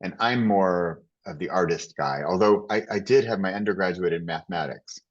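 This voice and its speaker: A man as a podcast guest in casual conversation, telling stories in a rambling, animated way with many restarts. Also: low-pitched, moderate pace, highs cut off.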